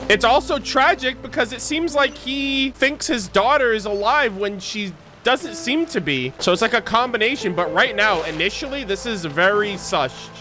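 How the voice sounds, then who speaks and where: Excitable, high-voiced man gaming. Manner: excitable, swears, jumps between scared and amused. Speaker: streamer. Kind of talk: casual game playthrough commentary.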